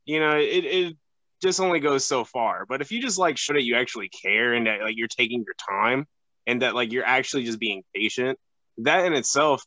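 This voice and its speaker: A young man chatting on a podcast as a guest, halting and full of fillers and restarts. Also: medium pitch, pushed and bright, no room sound, poor audio. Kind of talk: casual podcast chat.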